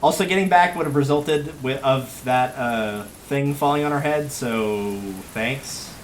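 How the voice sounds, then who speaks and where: A man's voice: medium pitch, measured pace, slight background noise. A man giving casual gameplay commentary on a livestream, chatty and wry, joking as he plays.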